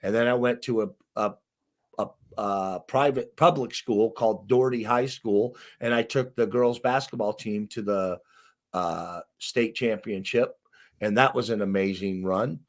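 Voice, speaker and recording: A middle-aged man from Arkansas, a basketball coach, telling stories as an interview guest in an emphatic, animated way. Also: on the low side, a little slow. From Arkansas, USA. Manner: emphatic, animated storyteller who acts out quotes. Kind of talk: storytelling in an interview.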